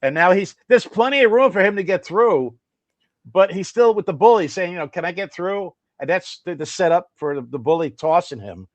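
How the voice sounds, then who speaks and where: A man's voice: high voice, brisk, no echo. Older man telling rambling stories. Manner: rambling, animated storyteller. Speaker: guest musician. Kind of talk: casual anecdotal interview.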